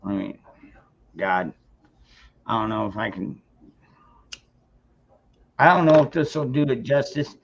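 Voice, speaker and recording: A man's voice: fairly low pitch, lively intonation, unhurried, creaky, pauses often, slight background noise. A man ranting on a casual livestream, angry and profane, stumbling through restarts as he talks. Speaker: streamer. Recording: dull lo-fi sound.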